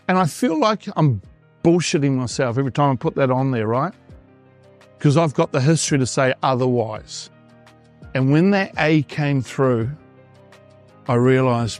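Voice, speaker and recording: A man's voice: fairly high pitch, expressive, normal speed, a little mellow, faint music behind. A New Zealand man in his fifties, a performance coach telling his story in an interview and acting out his past thoughts. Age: 50s.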